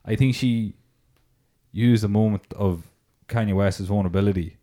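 A man's voice: lowish voice, normal speed, warm tone. A young man in casual podcast chat, rambling with many fillers. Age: young adult. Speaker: podcast host.

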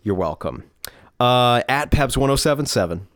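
A man's voice: medium pitch, lively intonation, moderate pace, fairly bright tone, a little hiss or hum. A man co-hosting a casual podcast, joking and rambling with many fillers. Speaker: podcast co-host. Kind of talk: casual chat.

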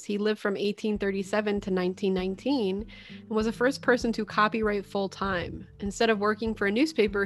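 A young adult woman co-hosting a podcast, reading out facts in casual chat. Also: mid-range voice. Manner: reads facts, then chimes in with quick reactions. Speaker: podcast co-host.

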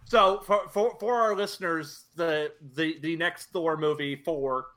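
A man's voice: fairly high pitch, a little slow, a bit bright. A man co-hosting a casual film podcast, talking with frequent restarts and hesitations. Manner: hesitant, many restarts, laughs often. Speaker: podcast co-host.

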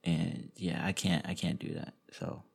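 A man's voice: extremely low pitch, fairly even intonation, measured pace, gravelly, slightly rough. A man hosting a podcast, telling stories in a casual, rambling way with frequent restarts. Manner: rambling, self-interrupting storyteller with frequent restarts. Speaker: podcast host.

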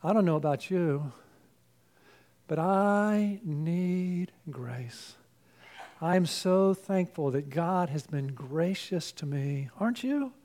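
Male pastor, high voice, hoarse and fading, earnest, rhetorical. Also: animated, slow. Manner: earnest, rhetorical questions, swings from loud to hushed. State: losing his voice, throat clearing. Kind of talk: sermon.

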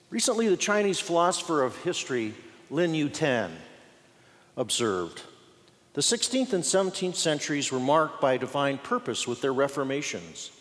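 A man preaching a sermon, mixing folksy humor with slow, weighty pauses. His voice sits at an ordinary middle pitch. The sound carries the long reverb of a church sanctuary. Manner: folksy, dramatic pauses, playful asides. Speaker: pastor.

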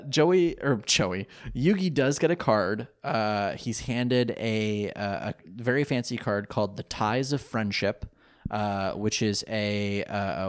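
A man co-hosting a casual podcast chat, recapping an anime episode with animated, laughing delivery. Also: fairly low pitch. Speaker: podcast co-host.

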